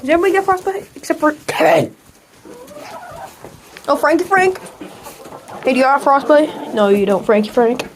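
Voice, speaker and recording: High-voiced woman cooing to her chickens. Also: moderate pace, long pauses. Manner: playful baby talk to pets. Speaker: backyard chicken keeper. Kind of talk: casual vlog chatter to her chickens. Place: outdoor chicken coop. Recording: noisy coop with clucking hens. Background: chickens clucking.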